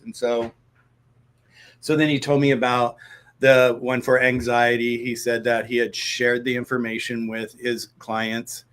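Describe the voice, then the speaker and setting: A man, a guest in a conversation, telling a story in an animated way and acting out the dialogue as he goes. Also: medium pitch, moderate pace.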